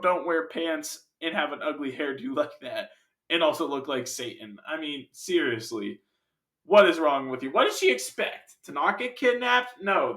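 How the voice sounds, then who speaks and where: Bright, rambling man reviewing a film. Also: on the high side, reverberant. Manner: rambling, jokey, sidetracked asides.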